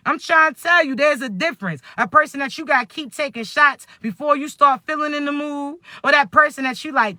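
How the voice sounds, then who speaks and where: Man with a really high sharp voice, super dry sound, slangy casual reading, keeps going "you understand me?". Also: brisk, few pauses, dry recording. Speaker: spiritual reader. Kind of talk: casual monologue to viewers.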